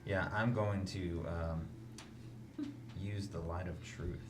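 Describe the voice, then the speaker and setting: A man's voice: deep voice, fairly even intonation, slow pace. A man playing a tabletop game, laid-back and joking. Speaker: player. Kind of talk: casual chat. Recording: clear background hiss.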